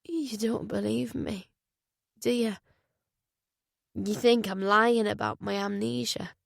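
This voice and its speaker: A fragile young amnesiac in a hospital bed, voiced by a woman reading an audiobook. Her voice is soft and hushed and sits in the middle of the range, with a gravelly edge. The sound is close and dry. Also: medium pitch, steady tone, slow, no room sound. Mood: distressed.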